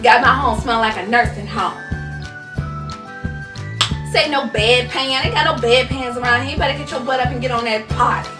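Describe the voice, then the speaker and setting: Woman, high voice, bright, animated storyteller, roomy echo, faint music. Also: distant mic. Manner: animated storytelling with dramatic pauses. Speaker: mom vlogger. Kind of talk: comic venting to camera.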